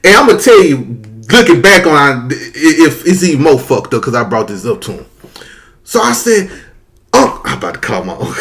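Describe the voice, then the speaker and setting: A man's voice: medium pitch, moderate pace, vocal fry. A man telling a story casually and with lots of profanity, talking straight to his audience. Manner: animated, profane, addresses the audience as y'all.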